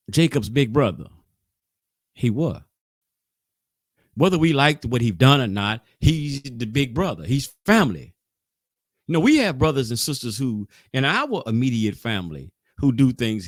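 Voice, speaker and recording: A man's voice: medium pitch, no echo, studio quality. A man leading an informal Sabbath Bible class, talking loosely and conversationally, pushing hard on key points and stumbling through restarts. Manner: loose and conversational, rising and falling in emphasis, with frequent restarts.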